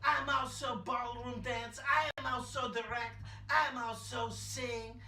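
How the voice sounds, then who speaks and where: A man playing an eccentric immigrant male poet who speaks broken English and declaims loudly. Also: very high voice, fairly even intonation, slow pace, reverberant, recorded from a distance, exaggerated voice. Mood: boastful. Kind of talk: comedy character monologue.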